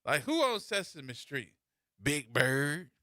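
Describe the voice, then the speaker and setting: A man hosts a casual radio talk show and spins playful, teasing stories. His voice is bright and sits a little high, with lively swings in pitch. The studio sound is dry and close. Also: slow pace, no room sound.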